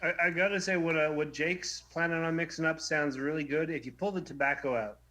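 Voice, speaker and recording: A man co-hosting a casual podcast, giving news in a relaxed, matter-of-fact way. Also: fairly high pitch, fairly quick. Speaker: podcast co-host.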